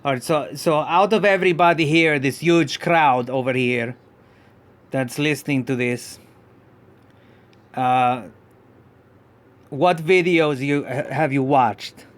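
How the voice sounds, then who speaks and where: A man voicing a goofy male dinosaur puppet pup who hosts a live podcast, talking in a vague put-on foreign accent, rambling with many halting restarts. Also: medium pitch, lightly acted. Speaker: podcast host. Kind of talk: live podcast character act.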